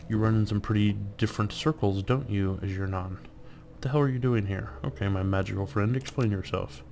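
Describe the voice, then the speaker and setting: A man's voice: lowish voice, fairly quick, creaky, a little mellow, slight background noise. Sarcastic man playing a game. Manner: sarcastic, wisecracking. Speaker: let's play host. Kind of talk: gameplay commentary and reading game text.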